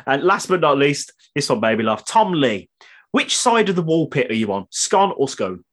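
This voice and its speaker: A man hosting a casual podcast interview. His voice is a little high for a man and quite lively, with a husky grain to it. He reads out listener questions and agrees readily with his guest. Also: normal speed. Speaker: podcast host.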